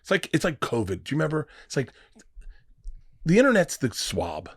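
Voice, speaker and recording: Animated storytelling man on a podcast. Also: on the high side, brisk, husky, no room sound, studio quality. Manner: animated storyteller, acts out quoted voices, swears freely. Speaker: comedian guest. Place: podcast studio.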